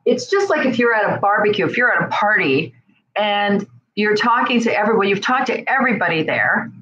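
A woman's voice: medium pitch, fairly quick, dull audio. A woman giving a conversational self-help talk, speaking straight to her listeners and often checking in with "right?". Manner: animated, acts out quoted voices.

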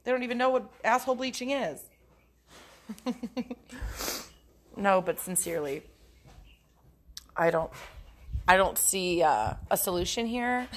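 A woman's voice: medium pitch, lively intonation, measured pace, long pauses, a little hiss or hum. A young adult woman hosting a casual solo podcast, talking frankly and profanely and often breaking into giggles. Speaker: podcast host.

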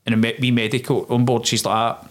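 A man's voice: mid-range voice, quick pace. A man, a former soldier telling his story in a casual interview and acting out the voices of those involved. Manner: animated storyteller, acts out quoted dialogue, swears.

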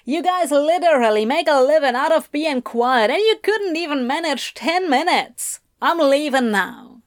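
A woman voicing an exasperated, sarcastic young woman who talks fast with a raised voice. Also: high voice, lively intonation, dry recording, clean studio sound, pitched above the performer's own voice.

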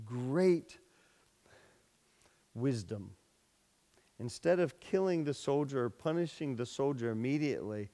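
A male pastor delivers a sermon in a fairly high voice, telling a story with frequent restarts and repeated words. He raises his voice sharply for the story's dialogue. The sound carries a long reverb from a hall. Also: darkish tone.

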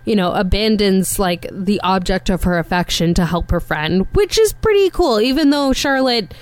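A woman's voice: mid-range voice, lively intonation, darkish tone, no room sound. A woman co-hosting a casual chat, recapping a film with plenty of "like" and "um". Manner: unhurried, fillers like "like" and "um". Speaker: podcast co-host.

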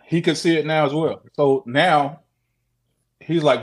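A man telling his own odd sighting story on a call, animated, swearing often and repeating himself. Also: a little high, normal speed, husky. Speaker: guest sharing a sighting story. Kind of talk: casual storytelling on a video call show.

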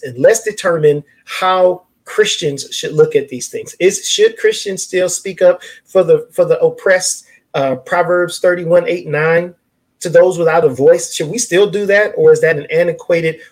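A man's voice: on the high side, a little mellow. A man in an impassioned casual discussion, speaking in a preacherly way with many restarts as he cites scripture.

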